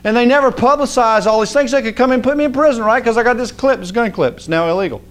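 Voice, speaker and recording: A man's voice: very high voice, quick pace. A man preaching in a folksy, conversational way, rising to emphatic outbursts. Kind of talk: sermon.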